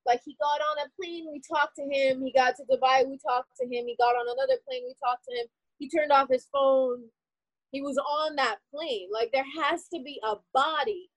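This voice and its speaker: A woman telling a painful personal story in an interview, animated and full of "like" fillers. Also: sits high, moderate pace, dry recording, poor audio. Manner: animated, heavy use of "like" fillers.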